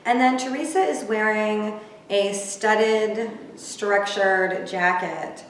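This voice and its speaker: A woman's voice: medium pitch, slow pace, a little hiss or hum. A woman giving a chatty, snarky, gossipy recap of a reality TV episode as she watches it. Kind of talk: casual live recap commentary. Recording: echoey room, distant from mic.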